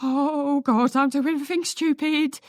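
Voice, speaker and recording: A woman's voice: high voice, fairly even intonation, normal speed, a little mellow, no echo, studio quality, voice pushed up, lightly acted. A woman reading a flustered mother in her sixties with a wobbly, gabbling voice. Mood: worried.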